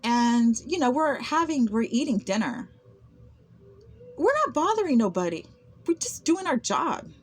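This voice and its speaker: A woman with a somewhat high voice speaks straight to the camera in an unscripted personal monologue. She sounds aggrieved and keeps stumbling into repeated words and fresh starts as she goes. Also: big pitch swings, unhurried. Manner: aggrieved, with frequent word repetitions and restarts. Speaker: vlogger recounting personal experiences.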